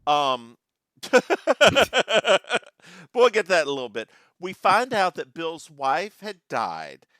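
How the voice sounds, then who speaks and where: A man's voice: high voice, wildly swooping pitch, slow, bright, forceful tone, no room sound. A man co-hosting a podcast, chatting casually and sarcastically about a TV episode. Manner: playful and sarcastic, with sudden jokey outbursts. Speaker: podcast co-host. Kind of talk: casual chat recapping a TV episode.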